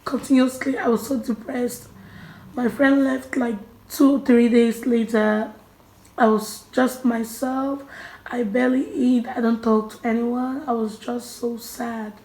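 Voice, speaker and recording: A young woman telling a personal story in her vlog, emotional and halting, often restarting and dropping to a near murmur. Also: a little high, fairly even intonation, echoey room, low-quality recording. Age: young adult. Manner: emotional, halting, many restarts and soft drops in volume. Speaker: vlogger.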